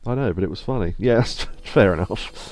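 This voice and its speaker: A man with a somewhat low voice and a stuffy nose, rambling and muttering to himself as he plays a game live. He reads on-screen mission text aloud between offhand remarks. Faint game music plays quietly behind him. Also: brisk. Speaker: game streamer. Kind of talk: casual live gameplay commentary. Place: home streaming setup.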